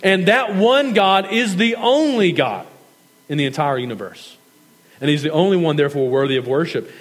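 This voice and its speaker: A male pastor delivers a sermon in a fairly high voice. His words ring out with a long hall reverb. He presses earnestly on repeated phrases and draws out the important ones. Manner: earnest preaching with emphatic repetition and stretched key phrases.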